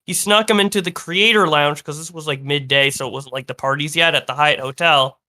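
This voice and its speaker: A man's voice: on the high side, fairly quick, pushed and bright. A man co-hosting a podcast, recounting a story in casual chat with hesitant fillers and quoted voices. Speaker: podcast co-host.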